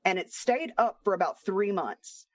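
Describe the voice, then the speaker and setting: A woman's voice: medium pitch, lively intonation, moderate pace, no room sound. A woman streamer in a bitter, profane rant against another streamer. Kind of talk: angry livestream rant.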